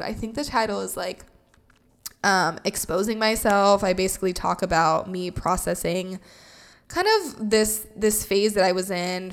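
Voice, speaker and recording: Podcast host, woman, late 20s, smooth clear voice, chatty and heartfelt, mid-pitched. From San Francisco Bay Area, California. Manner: chatty, heartfelt, heavy use of "like". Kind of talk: casual solo podcast chat.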